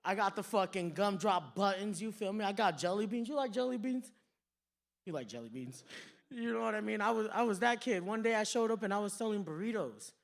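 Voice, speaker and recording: A man's voice: high voice, a little fast, vocal fry, few pauses. A man doing stand-up in a comedy club, telling rambling, profane stories. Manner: profane, rambling, slips into quoted voices. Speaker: stand-up comic. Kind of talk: stand-up storytelling.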